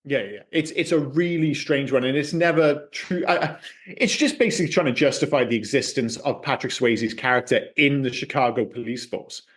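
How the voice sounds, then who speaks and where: A man co-hosting a podcast, chatting casually about a film with lively swearing and acted-out quips. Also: medium pitch, a little fast, hardly any pauses. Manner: animated, swears freely, acts out quips. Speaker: podcast co-host. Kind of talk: casual film review chat.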